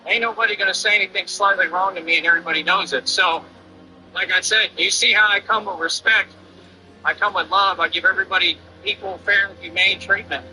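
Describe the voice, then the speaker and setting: A man's voice: sits high, steady tone, a little fast, bright, forceful tone, soft background music, rough recording. A man streamer ranting defiantly and boastfully over his gameplay. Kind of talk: livestream rant over gameplay.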